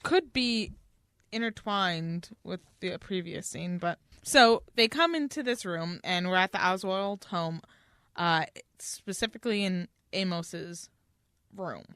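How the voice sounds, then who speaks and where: A woman's voice: on the low side, takes it slowly, fairly bright tone, clean tone, dry recording, clean studio sound. A woman co-hosting a casual book-discussion podcast, wry, often reading lines aloud in put-on voices. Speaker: podcast co-host.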